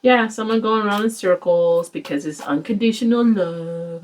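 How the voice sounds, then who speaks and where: A woman's voice: lowish voice, normal speed, poor audio. A woman giving a casual tarot reading to camera, blunt and exasperated, swearing and lecturing her viewers. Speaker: tarot reader.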